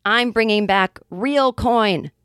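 A woman's voice: medium pitch, fairly bright tone, smooth, no echo, clean studio sound. Wry, chatty woman comic host. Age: 40s. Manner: chatty and wry, with quick acted-out asides. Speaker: podcast host. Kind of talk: casual comedic monologue.

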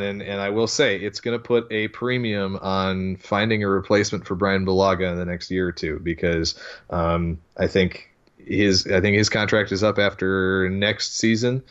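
A male podcast guest with a very low voice, talking casually in halting bits that repeat words as he thinks. The sound is slightly dull and lo-fi. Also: fairly bright tone. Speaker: guest sports writer.

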